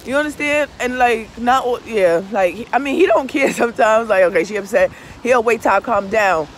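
With a voice on the high side and a moderate pace, this woman vlogs casually and confessionally, swearing freely and emphatically. She's a tarot reader who keeps checking in with "you understand?", and there's a little hiss or hum on the audio.

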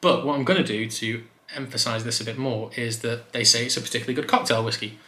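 A man casually reviewing a whisky for his video channel, chatty and relaxed with loose fillers. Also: medium pitch, quick pace. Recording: roomy echo.

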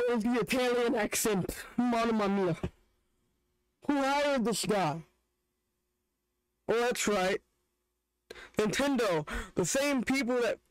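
A man's voice: sits high, no room sound, poor audio. A young man hosting a reaction video, joking and ranting in casual, rambling commentary. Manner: joking, rants with restarts.

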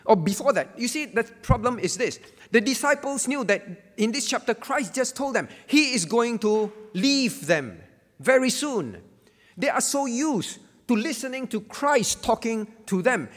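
A man's voice: extremely high pitch, lively intonation, measured pace, in a large hall. A man pastor giving a Bible lesson sermon, emphatic and repeating key phrases to drive them home.

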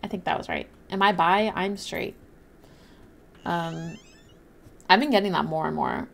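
A woman's voice: on the low side, unhurried, gravelly. A young woman livestreaming a game, chatting casually and apologetically while reading and thanking her chat. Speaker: livestreaming gamer.

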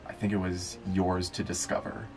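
Deep-voiced enthusiastic male co-host. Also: completely flat delivery, normal speed, soft background music. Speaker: podcast co-host, bookseller. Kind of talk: casual chat.

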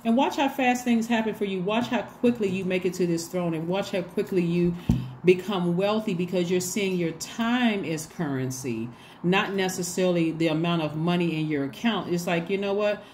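Chatty woman reading tarot, lowish voice. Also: normal speed, darkish tone, slight background noise. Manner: chatty, repetitive, acts out quoted dialogue. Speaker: tarot reader. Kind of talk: casual tarot reading to viewers.

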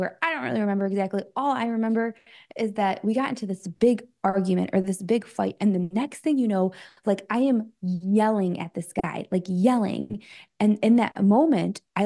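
A woman coach talks loosely as an interview guest, her voice mellow and warm in tone. She speaks at an ordinary pitch for a woman, filling her speech with likes and ums. Now and then she acts out her own thoughts as little quoted asides. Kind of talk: casual interview talk.

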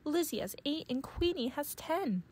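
A woman's voice: high voice, expressive, normal speed, darkish tone, voice pushed up. A woman voicing an eager young boy bear cub in a children's read-aloud, sputtering and insistent.

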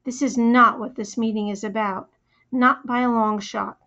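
A woman voicing a stern middle-aged mother who speaks in low, curt, measured commands. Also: steady tone, bright, forceful tone. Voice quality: low, firm danger tone. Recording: slightly muffled recording.

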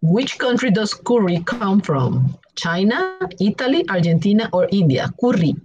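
A woman's voice: medium pitch, muffled recording. A woman teaching an English class online, quizzing students with spoken multiple-choice questions. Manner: slow, clear, lively questions with options.

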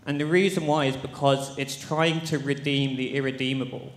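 A man's voice: medium pitch, steady tone, moderate pace. Shaken, emotional man in his thirties. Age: 30s. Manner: emotional, urgent, tumbling phrases. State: shaky voice. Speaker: audience member asking a question. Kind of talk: impassioned floor question. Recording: echoey hall.

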